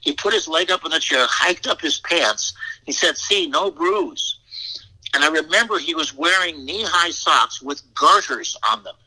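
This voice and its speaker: A man's voice: fairly high pitch, animated, normal speed, pushed and bright, rough recording. An older man telling a rambling personal story as an interview guest, repeating words and adding frank asides. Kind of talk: anecdotal storytelling.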